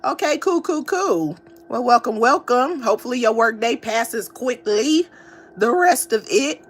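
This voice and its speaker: A woman hosting a casual live stream, chatting with viewers and reading their comments aloud in a slangy, animated way. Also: a little high, a little slow, breathy edge. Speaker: livestream host.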